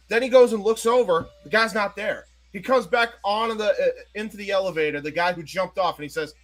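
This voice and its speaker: A man co-hosting a live wrestling watch-along, chatting casually and telling a joke with animated restarts. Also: high voice, fairly quick, hardly any pauses.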